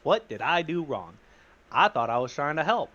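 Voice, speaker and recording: A man's voice: a little high, big pitch swings, moderate pace, pushed and bright, lo-fi sound, heavily acted. A man doing a wise but touchy adventurer. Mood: puzzled. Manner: wounded, resigned.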